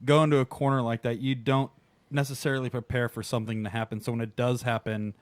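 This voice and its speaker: A man's voice: medium pitch, flat delivery, fast, no echo. Guy cohosting a racing podcast, jokey storyteller, close dry mic. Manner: playful storyteller, joking. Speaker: podcast co-host. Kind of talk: casual podcast chat.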